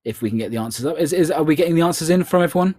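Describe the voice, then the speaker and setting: Chatty Scottish quiz host, man, a little high-pitched, close and dry. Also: expressive, darkish tone, no echo. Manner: chatty, repeats questions slowly. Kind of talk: online charity quiz hosting.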